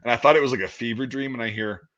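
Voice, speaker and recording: A man's voice: mid-range voice, racing, a bit bright. A man in his thirties telling profane, rambling army stories in casual chat. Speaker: podcast host. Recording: dull lo-fi audio.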